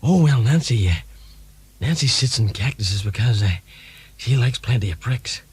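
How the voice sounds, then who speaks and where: A man doing a comic impression of a forgetful old American politician, slow and vague. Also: mid-range voice, expressive, slightly rough, dry recording.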